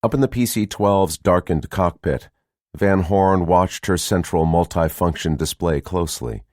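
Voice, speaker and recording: Here a man with a low-sitting voice narrates an audiobook from a script, keeping his storytelling measured and even. There's no room sound, just clean studio audio.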